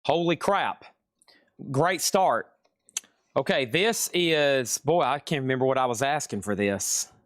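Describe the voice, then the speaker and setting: Unhurried and medium-pitched, this Southern-accented man sells records on a live stream in casual, rambling sales talk, frequently fixing what he's just said. The recording is studio quality with no room sound.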